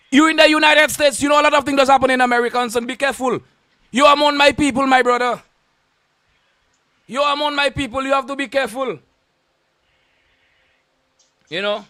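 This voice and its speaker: A man's voice: very high-pitched, quick pace, pushed and bright, dry recording, studio quality. A man with a Saint Lucian accent, a radio host delivering a confrontational on-air rant full of insults and repeated warnings.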